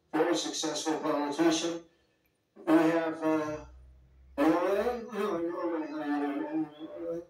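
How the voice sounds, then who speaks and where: Speaking off the cuff to leaders gathered at a summit, this man digresses constantly and sprinkles in folksy asides. He has a somewhat high voice. A distant microphone catches him in a cavernous, echoing hall, with faint music in the background.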